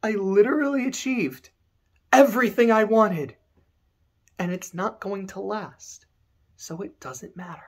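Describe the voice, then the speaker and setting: A man's voice: high voice, measured pace, pauses often, breathy edge, voice pushed up, full character voice. A man voicing a theatrical male villain who mocks in a sing-song way and sinks to a menacing mutter. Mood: bitter. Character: theatrical male villain, mocking then bitter.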